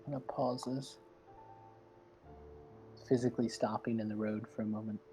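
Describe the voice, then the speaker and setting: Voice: mid-range voice, fairly even intonation, normal speed, warm tone, faint music behind. A player casually describing a character's actions in a tabletop game, with many fillers.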